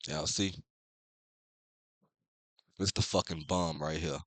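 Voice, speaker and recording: Man, low and punchy, offhand and profane, dry close sound; casual read-along commentary. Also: steady tone, takes it slowly, a bit bright, dry recording. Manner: offhand, profane, talks straight to viewers. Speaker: comic reviewer.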